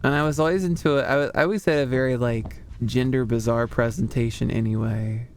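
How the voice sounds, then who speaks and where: A man's voice: mid-range voice, fairly even intonation, a little fast, a little mellow. A man streaming as a VTuber, talking casually with chat in a rambling way full of fillers. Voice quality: smooth. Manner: rambling, chatty, lots of fillers.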